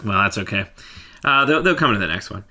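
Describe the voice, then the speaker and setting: A man's voice: lowish voice, animated, a little fast, sharp tone. A man co-hosting a band's podcast, chatting casually and rambling with frequent fillers and laughs. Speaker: band member co-hosting a podcast. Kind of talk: casual chat.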